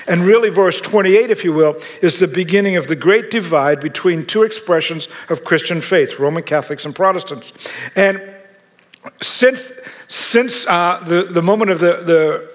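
A man's voice: high-pitched, normal speed, long reverb tail. A man preaching a sermon in a conversational, joking way with self-mocking asides. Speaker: pastor.

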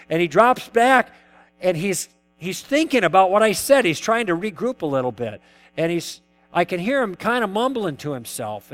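Male lecturer, high voice, anecdotal teaching style with rhetorical questions. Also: a bit bright. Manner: acts out both sides of past dialogues, poses questions to the audience. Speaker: lecturer teaching conversation tactics. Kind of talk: lecture told through personal anecdotes.

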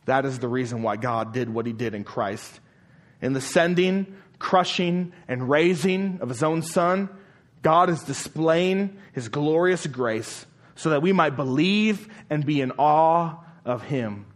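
A man preaches a sermon from the pulpit, his voice sitting a little high for a man. He hammers home his point with strings of rhetorical questions. Then he drops to a hushed, slow delivery to let a line land. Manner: emphatic, rhetorical repeated questions; drops to a quiet, slow voice for emphasis. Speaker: pastor.

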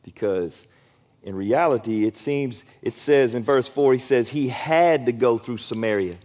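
Animated, conversational male preacher. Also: unhurried. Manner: animated and conversational, acting out quotes with sudden loud high bursts. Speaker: pastor. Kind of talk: sermon.

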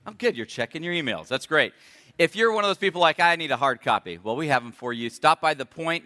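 A man's voice: a little high, bright, forceful tone. A man preaching a sermon as a pastor in a church, friendly and asking his congregation questions. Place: church sanctuary. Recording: echoey church hall.

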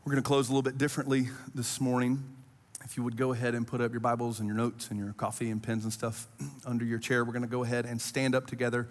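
A man's voice: medium pitch, little pitch movement, quick pace, long reverb tail. A man preaching a sermon as pastor, earnest and conversational, building to impassioned rising appeals. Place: church auditorium.

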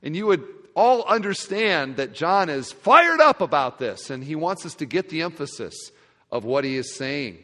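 A male pastor preaching a sermon to a congregation, expressive, dropping to quiet asides and rising to loud emphasis. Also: fairly high pitch, moderate pace. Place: large church sanctuary. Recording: long reverb of a large hall.

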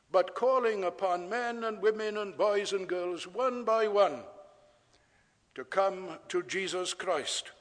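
A man preaching a sermon in a measured, deliberate way, repeating key words for emphasis. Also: high voice, a bit bright, big-room sound.

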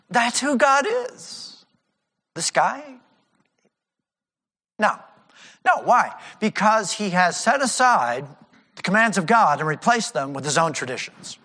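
A male pastor preaches with a high, bright, ringing voice that swings widely in pitch. He is animated and slips into the voices of the people he quotes. The sound carries the long reverb of a church hall. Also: measured pace, long pauses. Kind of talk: sermon.

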